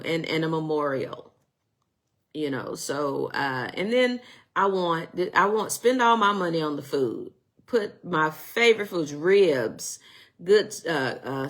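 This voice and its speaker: A woman's voice: low voice, fairly bright tone. A middle-aged woman teaching a casual Sunday school Bible lesson, chatty and digressive, joking and restarting her sentences.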